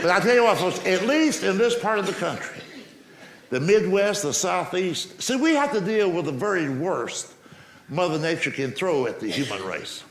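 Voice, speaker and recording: A man's voice: high voice, normal speed. Folksy man doing stand-up. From Southern United States. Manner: folksy drawl, cussing punchlines, lively delivery. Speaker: stand-up comedian. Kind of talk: stand-up storytelling. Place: comedy stage before a live audience. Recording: noisy live stage recording.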